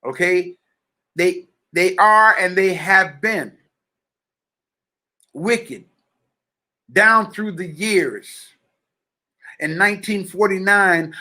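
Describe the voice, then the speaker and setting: A man delivers an impassioned spiritual message, speaking in a fervent, preacher-like manner. His voice sits high and bright. He talks slowly, addresses listeners directly and repeats key phrases for weight. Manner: addresses listeners directly and checks they follow.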